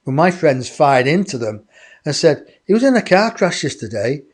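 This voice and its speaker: A man, a guest in an interview, telling a personal story in a lively way and acting out other people's voices. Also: on the high side, moderate pace. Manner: animated, acts out others' voices.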